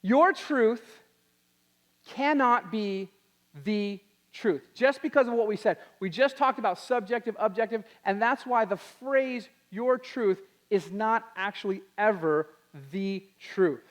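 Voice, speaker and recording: A young man giving an animated talk to a youth audience, acting out quotes in put-on voices. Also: high-pitched, takes it slowly. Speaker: youth speaker.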